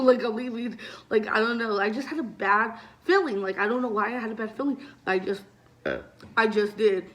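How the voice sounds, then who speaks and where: A woman's voice: medium pitch, fairly quick. Chatty young woman telling a story. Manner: chatty, heavy use of "like" and swearing; animated retelling, voices loud when acting out scenes. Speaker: vlogger. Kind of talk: casual storytime.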